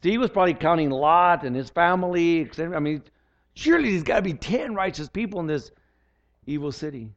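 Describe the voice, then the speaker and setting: A man's voice: a little high, animated, fast talker. An older man preaching a sermon as pastor, earnest and often repeating words as he restarts his sentences. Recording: dull lo-fi recording.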